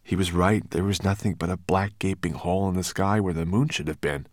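Low-voiced man reading a storybook. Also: fairly quick, no room sound, clean studio sound. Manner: expressive storytelling. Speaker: narrator. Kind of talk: audiobook narration.

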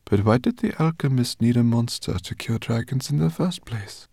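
A thoughtful grown woman in a storybook, speaking calmly and measuredly, as a man reads her. The voice is lively in pitch with some gravel, recorded close and dry. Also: normal speed, no room sound. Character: thoughtful adult woman explorer.

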